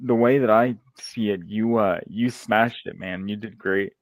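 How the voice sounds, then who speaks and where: A man co-hosting a movie podcast, excitable and profane in casual chat. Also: on the low side, unhurried, no room sound. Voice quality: excitable, profane, laughs a lot. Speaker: podcast co-host.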